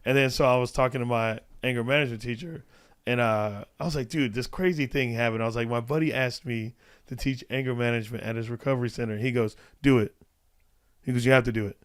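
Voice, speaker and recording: A man's voice: medium pitch, fairly even intonation, fast talker, clean tone. A man, a comedian guest on a podcast, telling casual stories with lots of restarts and fillers. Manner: rambling with restarts and laughter.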